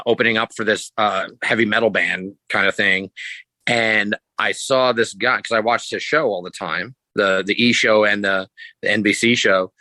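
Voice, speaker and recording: A man, a sideshow performer guesting on a podcast, telling stories in a loose, rambling way and jumping his pitch to act out quotes. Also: pushed and bright, dry recording, poor audio. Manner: rambling, restarts, acts out quotes with pitch jumps; loose, swears casually. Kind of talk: casual storytelling.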